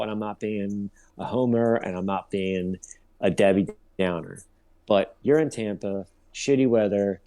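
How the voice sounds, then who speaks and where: A man co-hosting a casual sports podcast, ranting in a profane, rambling, animated way. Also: lowish voice, normal speed. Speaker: podcast co-host.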